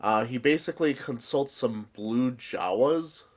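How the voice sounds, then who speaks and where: A man's voice: mid-range voice, unhurried. A congested man hosting a casual podcast, explaining at length as he recaps the episode. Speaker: podcast host.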